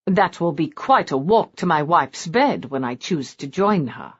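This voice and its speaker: A brooding nobleman with a silken, mocking tone, voiced by a woman reading a romance audiobook. His lines rise and fall in lively swings and carry a dry edge. The recording sounds dull and lo-fi. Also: a little high, a little slow, breathy edge, heavily acted. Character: brooding, silken-voiced lord with a bad leg.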